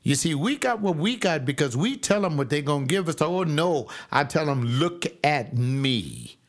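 Preacher guy, kinda high voice, folksy and emphatic, leans hard on the key words. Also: lively intonation. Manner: folksy, emphatic preaching with slow stressed repeats. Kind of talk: sermon.

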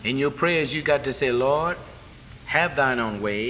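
A man preaching a sermon, acting out voices, moving from hushed to loud. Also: mid-range voice, lively intonation, unhurried, a little hiss or hum. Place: church sanctuary. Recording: echoey hall with faint ambience.

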